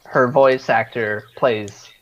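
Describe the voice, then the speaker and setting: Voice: medium pitch, steady tone, slow pace, dull audio. A player explaining something thoughtfully in a casual chat on a video call.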